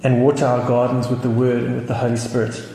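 A man's voice: mid-range voice, little pitch movement, fast, vocal fry, dark tone. A South African man preaching a sermon, telling a story with chuckles and many restarts. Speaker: pastor. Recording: echoey hall with faint noise.

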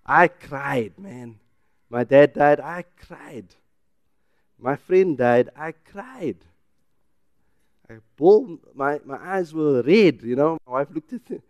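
Speaking slowly and with animation in a voice on the high side, a South African English pastor gives a church sermon. He shifts from forceful, loud statements to hushed personal anecdotes, with no echo in the recording.

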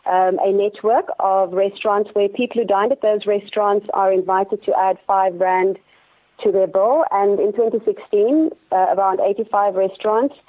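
A woman's voice: medium pitch, steady tone, normal speed, phone-quality sound. A woman, a charity guest explaining her work plainly in a radio interview, with a few hesitations.

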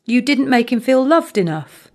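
A woman's voice: high voice, big pitch swings, normal speed, voice pushed up, full character voice. A woman doing a blunt, mocking teenage girl. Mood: dismissive.

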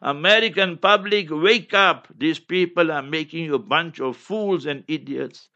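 A man's voice: on the high side, measured pace, sharp tone, muffled recording. A man giving an impassioned, declamatory religious talk, hammering his points with constant reminders. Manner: fiery, declamatory, keeps repeating "remember". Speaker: religious speaker.

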